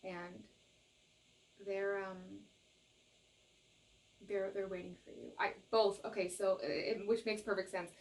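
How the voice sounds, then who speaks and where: A woman's voice: mid-range voice, flat delivery, slow pace, long pauses, distant mic, poor audio. A woman giving a tarot reading to camera, earnest and reassuring, often checking in with "okay?" and gushing with emotion. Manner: gushes with emotion. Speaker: tarot reader.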